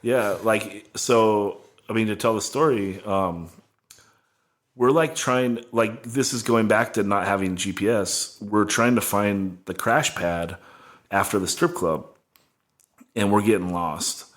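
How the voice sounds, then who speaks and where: A man's voice: fairly low pitch, slow, a bit bright. A man in casual podcast chat, rambling through a tour story with constant "like" fillers.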